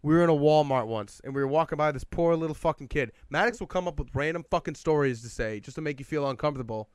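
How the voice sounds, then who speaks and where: A young man on a podcast, telling stories in an animated way and swearing often. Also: fairly high pitch, quick pace, smooth, no room sound, studio quality. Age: young adult. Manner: animated storytelling, swears a lot. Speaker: podcast guest. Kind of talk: casual chat. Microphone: podcast mic.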